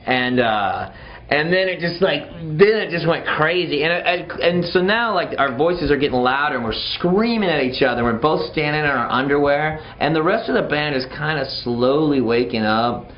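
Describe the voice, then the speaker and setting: A man's voice: a little high, normal speed, dull audio, slight background noise. A man from Texas, a touring band member, telling a road story animatedly with lots of fillers. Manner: animated, full of fillers, acts out the scene.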